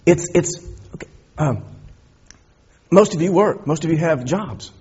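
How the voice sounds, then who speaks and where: A man's voice: fairly high pitch, lively intonation, a little slow, dark tone, slightly rough, muffled recording. A middle-aged man preaching a sermon, building emphasis and asking rhetorical questions of his listeners. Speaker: pastor.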